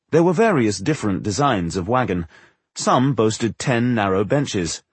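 A male audiobook narrator with a husky, somewhat low voice delivers scripted narration. His storytelling is measured and expressive, and the recording is dry.

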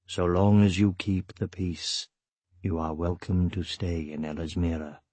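A man giving voice to a deep, ancient spirit. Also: breathy edge, no room sound. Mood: serene. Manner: slow, calm and soft. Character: ancient calm male elder spirit, deep and wise.

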